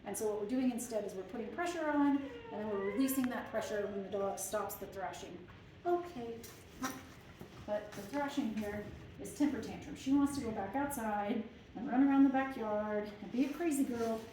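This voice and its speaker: A woman dog trainer who alternates between hushed, low commands to a dog and plain explanations to viewers. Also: moderate pace. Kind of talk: live training demonstration with commentary. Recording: very echoey room, mic far off, background noise.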